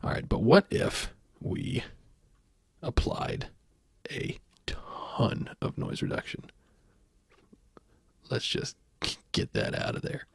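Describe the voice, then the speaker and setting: A man with a gravelly, slightly sore voice, giving a casual soft-spoken audio software tutorial and thinking aloud as he clicks through settings. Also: mid-range voice, huge pitch swings, slow pace, long pauses, no echo, whispered.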